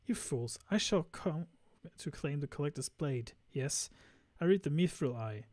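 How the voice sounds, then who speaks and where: A man's voice: fairly high pitch, animated, a little slow, darkish tone, dry recording. A man voicing a haughty noble lady collector from a game, speaking with imperious disdain. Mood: scornful.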